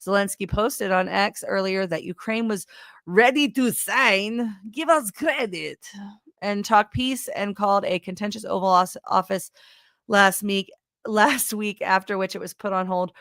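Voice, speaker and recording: A woman co-hosting a news talk show, reading stories and tossing in sarcastic jokes. Her pitch sits in the middle of the range, and she often trails off while hunting for the next item. The recording is dry and close. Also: fairly even intonation, unhurried, fairly bright tone, no room sound. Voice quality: sarcastic, jokey, trails off when searching. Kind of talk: casual news commentary.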